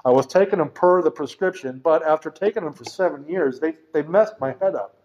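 A middle-aged man with a fairly high, darkish voice shares his recovery story at a meeting at a brisk pace. His testimony is rambling and frank, with casual swearing, and the recording is dull and lo-fi.

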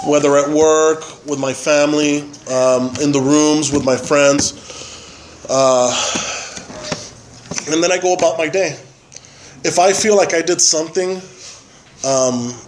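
A man giving a personal testimony at a recovery meeting, halting and full of fillers and tag questions. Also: on the high side, slight background noise, rough recording. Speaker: member sharing at a recovery meeting.

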